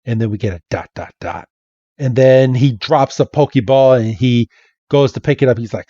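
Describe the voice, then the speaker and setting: A man's voice: medium pitch, normal speed, dark tone, no room sound, dull audio. A man hosting a podcast and retelling a comic chapter in a chatty, casual way. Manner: chatty, laughing storyteller. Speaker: podcast host.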